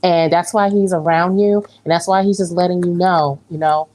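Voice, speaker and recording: A woman's voice: lowish voice, fairly even intonation, moderate pace, darkish tone, a little hiss or hum, poor audio. A woman reading tarot, giving a psychic reading in a reassuring way and repeating phrases for emphasis. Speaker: tarot reader.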